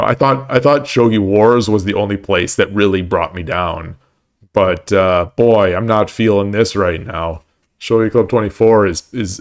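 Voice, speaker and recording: A man with a slightly low voice talks through his online games at home on a live stream. He rambles and stumbles, repeating words as he thinks aloud. He keeps making light of his own losing run. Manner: self-deprecating about his losses. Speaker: shogi streamer. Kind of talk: live-stream commentary while playing.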